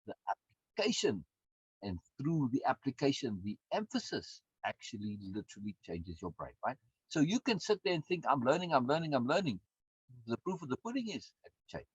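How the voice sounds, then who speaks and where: Husky, animated man teaching a course. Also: mid-range voice, moderate pace, dry recording. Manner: emphatic, repeats words, frequent tag questions. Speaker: course instructor and coach. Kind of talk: recorded course lecture. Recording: dull, dry lo-fi sound.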